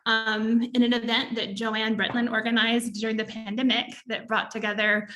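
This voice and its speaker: A woman author giving an academic talk and answering questions, thoughtful and halting, with frequent ums, over a video call. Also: a little high, flat delivery, sharp tone. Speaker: author and speaker.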